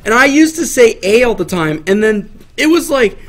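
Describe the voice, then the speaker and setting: A man with a Canadian accent, joking through animated stories in casual podcast banter at a live meetup. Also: very high voice, moderate pace. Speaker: podcast co-host.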